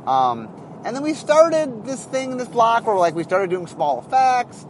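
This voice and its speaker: Animated high-voiced man, rambling explanation. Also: unhurried, a little hiss or hum. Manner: animated, rambling, thinking aloud. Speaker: game designer. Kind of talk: casual explanatory monologue.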